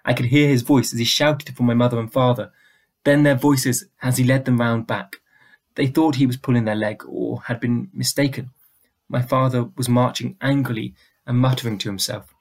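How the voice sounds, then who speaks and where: Man reading a story aloud. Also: mid-range voice. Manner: steady, deliberate narration. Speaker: audiobook reader.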